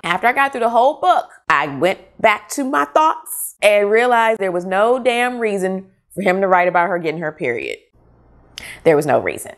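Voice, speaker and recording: A middle-aged woman and mother giving a frank, exasperated book review in a casual vlog. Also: mid-range voice.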